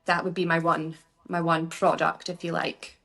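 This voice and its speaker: A Scottish woman speaks as a podcast guest with a somewhat low-pitched voice. Her talk is chatty and rambling but upbeat, running from one thought to the next. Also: little pitch movement, moderate pace, fairly bright tone. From Scotland. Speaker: guest, beauty business founder. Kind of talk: casual podcast interview.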